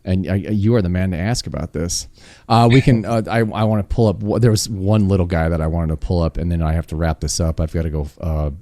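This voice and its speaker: An American man hosting a casual interview podcast, chatty and eager, firing off quick questions and reactions. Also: deep voice, steady tone, mellow, no echo. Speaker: podcast host.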